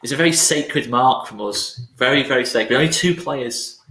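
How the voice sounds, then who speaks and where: A man's voice: medium pitch, normal speed, bright, forceful tone, reverberant, a little hiss or hum. A man co-hosting a casual football chat, joking and laid-back, tired late at night. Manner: chatty, joking, laid-back with filler ums. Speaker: fan channel co-host.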